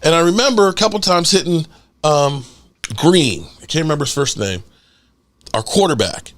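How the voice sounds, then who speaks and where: Animated middle-aged man telling a story. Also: on the high side, normal speed. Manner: animated storyteller, acts out quotes, swears casually. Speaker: podcast host. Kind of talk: casual storytelling livestream.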